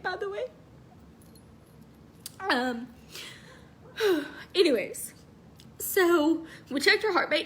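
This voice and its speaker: Tender, high-voiced young woman. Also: slight background noise. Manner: tender, halting, with soft laughs and restarts. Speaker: bereaved mother sharing her story. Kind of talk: emotional personal Q&A vlog.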